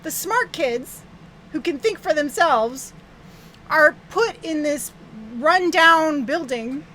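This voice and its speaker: Bright high-voiced woman chatting about a movie. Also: animated, a little hiss or hum, poor audio. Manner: chatty, retells scenes with quick acted quotes. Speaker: podcast co-host. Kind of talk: casual movie discussion.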